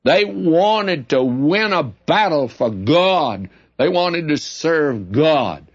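A male preacher teaches from scripture in a folksy, emphatic and conversational manner. His voice sits a bit high for a man. The recording is dull and lo-fi, like an old broadcast tape. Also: expressive, slow pace. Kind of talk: sermon.

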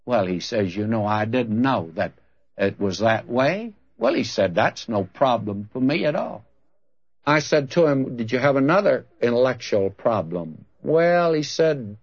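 A man's voice: medium pitch, animated, a little slow. An older man, a preacher, telling a story in a sermon and acting out both sides of a conversation in a folksy way. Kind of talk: radio-style sermon with storytelling. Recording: dull lo-fi old recording.

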